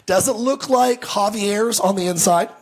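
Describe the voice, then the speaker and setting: A male pastor telling stories in a sermon, animated and joking, often stumbling and restarting his words. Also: high-pitched, a little slow. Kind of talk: sermon storytelling.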